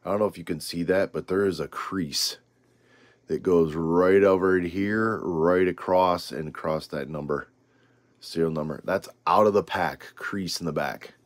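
Low-voiced man opening card packs. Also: steady tone, a little slow, dry recording. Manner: rambling, reads names off cards with asides. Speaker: trading card channel host. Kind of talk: casual card-opening vlog.

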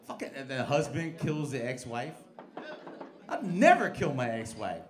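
A man in his forties works the crowd in a comedy club, brash and profane, swooping up and down in pitch as he needles people. His mic picks up an echoey room full of loud, laughing audience noise. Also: big pitch swings, measured pace. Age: 40s. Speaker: stand-up comedian. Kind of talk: stand-up crowd work.

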